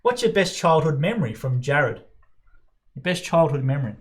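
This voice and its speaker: A man's voice: fairly high pitch, big pitch swings, moderate pace. An Australian man hosting a casual live Q&A show, upbeat as he reads out viewer questions and comments. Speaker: show host.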